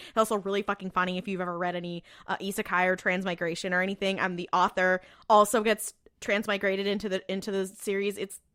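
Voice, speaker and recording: A woman co-hosting a podcast, casually recapping a TV episode in an animated way and acting out the characters' lines. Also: mid-range voice, clear, resonant tone. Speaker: podcast co-host.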